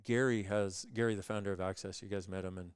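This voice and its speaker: A man appearing as a guest, telling stories in an animated way and acting out other people's voices as he goes. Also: low voice, fast talker, smooth, no room sound, clean studio sound. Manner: acts out other people's voices in lively quoted dialogue. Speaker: guest speaker on consciousness. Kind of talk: animated storytelling in conversation.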